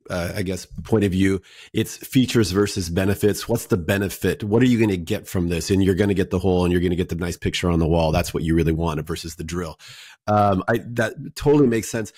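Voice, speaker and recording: A man with a somewhat low voice hosts a podcast conversation, recorded dry and close. He asks his questions in a measured, thoughtful way, pausing over his words. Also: darkish tone, no room sound. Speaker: podcast host. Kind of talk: interviewer conversation.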